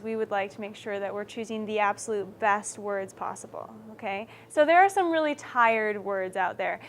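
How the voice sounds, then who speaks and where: A woman teaching a writing lesson to a class, explaining, asking students for ideas and often checking that they understand. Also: a little high.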